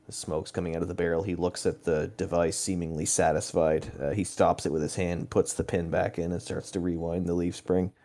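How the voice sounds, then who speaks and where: A man playing a tabletop game, describing his character's actions in a measured, detailed way. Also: deep voice, level tone, mellow. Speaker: player. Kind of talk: casual tabletop game narration.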